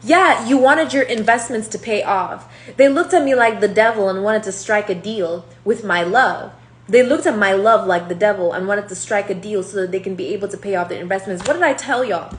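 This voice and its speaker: A woman's voice: medium pitch, brisk. A young woman giving a casual tarot reading, talking in a rambling, profane and confrontational way. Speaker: tarot reader. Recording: echoey room with faint hum.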